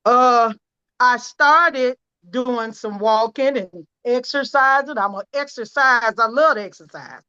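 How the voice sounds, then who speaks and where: A woman's voice: a little high, unhurried, sharp tone, clear, resonant tone, dull audio. A woman giving an earnest, emphatic personal testimonial from home over a video call. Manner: earnest, emphatic, close to tears at times. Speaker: product testimonial speaker.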